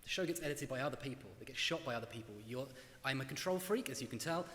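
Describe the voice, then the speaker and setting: A British man, a guest historian, talking on stage at a live event in a quick, self-deprecating, animated way. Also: mid-range voice, slight background noise. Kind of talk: on-stage conversation. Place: large hall at a live event. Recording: roomy hall with long reverb and faint ambience.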